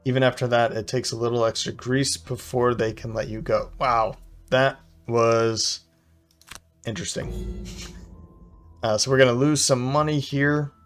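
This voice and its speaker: A man's voice: mid-range voice, steady tone, a bit bright, soft background music. A man playing a video game and talking through his choices, hesitant and full of small restarts and fillers. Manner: hesitant, fills pauses with "uh". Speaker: game commentator. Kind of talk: thinking-aloud gameplay commentary.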